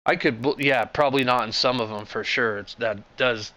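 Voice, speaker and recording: A man vents in an off-the-cuff rant, sarcastic and fed up, swearing as he rambles. His voice is bright and forceful, with a smooth, resonant clarity. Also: mid-range voice, moderate pace. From United States. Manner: indignant, sarcastic, profane, rambling with frequent fillers. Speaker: political commentary vlogger. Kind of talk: casual ranting monologue.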